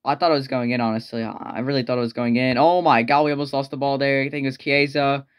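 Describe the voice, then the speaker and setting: A man's voice: mid-range voice, fairly even intonation, fast talker, smooth. A young man commentating his own football video game match, frustrated and exclaiming, often swearing at his players. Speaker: gameplay streamer. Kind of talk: live gameplay commentary.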